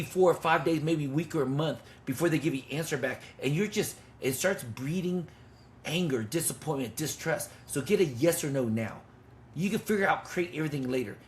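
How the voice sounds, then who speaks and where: With a voice on the high side, a fifties-aged men's ministry leader shares his testimony conversationally, telling a personal story intensely and swearing bluntly. Slight background noise is audible.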